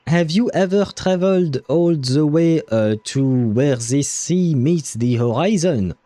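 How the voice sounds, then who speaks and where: Calm battle-worn soldier woman, read by a man in a halting put-on French accent, slow and lively in pitch. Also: no room sound. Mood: calm, wistful. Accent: attempted French accent. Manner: slow, halting, reading aloud. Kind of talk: reading game dialogue aloud.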